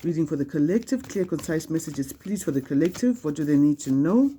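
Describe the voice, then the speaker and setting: Mellow-voiced woman giving a tarot reading. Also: sits low, expressive, a little fast, a little hiss or hum. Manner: conversational, emphatic and repetitive, with frequent restarts. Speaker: tarot card reader. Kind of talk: spiritual card reading to camera.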